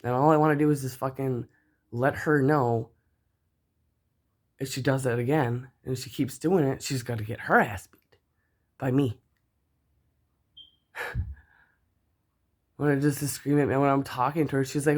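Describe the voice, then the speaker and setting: Angry mom, profane heated rant, volume swinging between outbursts and low muttering. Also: female voice, steady tone, a little slow, pauses often. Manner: heated, profane, swears constantly; voice spikes up loud, then drops low. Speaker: mother venting about another parent.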